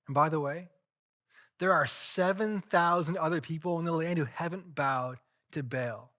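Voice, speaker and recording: A man preaching a sermon as pastor, telling a story earnestly with dramatic swings in loudness. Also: fairly high pitch, normal speed.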